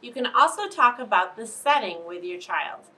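Bright-voiced woman teacher instructing parents. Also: a little high, very animated, moderate pace. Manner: clear, instructive. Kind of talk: explaining reading tips to parents. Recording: distant mic.

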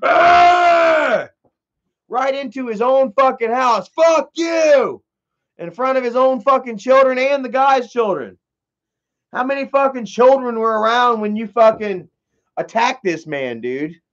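A young man hosting a casual commentary, rambling and excitable, with lots of swearing. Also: extremely high pitch, moderate pace. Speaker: commentary host. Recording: dull lo-fi recording.

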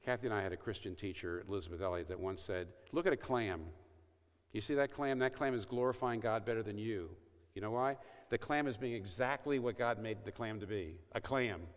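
A man's voice: on the low side, a little fast. A man giving an evangelistic talk to a university audience, telling stories and acting out quoted lines. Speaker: speaker at a university event. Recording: reverberant hall.

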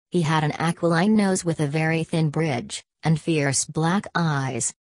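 A woman reading a story aloud as an audiobook narrator, in an even, unhurried way. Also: low-pitched, dry recording.

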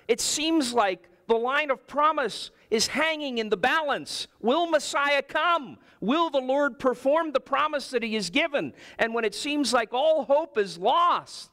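A male pastor delivers a sermon in a church, weaving humorous personal stories into his teaching. His voice sits high and swings widely in pitch, with a bright, sharp edge. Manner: animated storytelling, with personal anecdotes and humor.

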